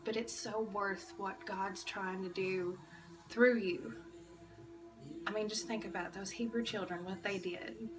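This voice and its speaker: A woman's voice: medium pitch, steady tone, unhurried, recorded from a distance, poor audio. A woman giving an earnest, emotional devotional talk to church kids, restarting her phrases often. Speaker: church kids' devotional speaker. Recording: music behind, voice a bit off-mic.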